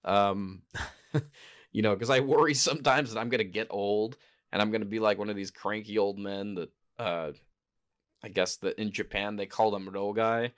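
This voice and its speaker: A man's voice: lowish voice, steady tone, moderate pace. A man hosting a casual solo podcast, rambling and hesitant, often stopping to correct himself. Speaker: podcast host. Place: home in Japan.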